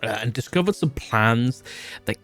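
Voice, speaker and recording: A man's voice: mid-range voice, animated, moderate pace, fairly bright tone, faint music behind. A man serving as game master, recapping a tabletop campaign in a casual, laid-back way. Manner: casual, laid-back storytelling with loose asides.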